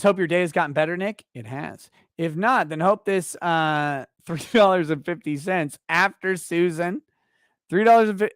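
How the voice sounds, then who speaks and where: A man hosting a casual livestream, reading viewer donations aloud in a loud, profane, ranting way that swings between shouting and muttering, a little tipsy. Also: fairly high pitch, dry recording, studio quality.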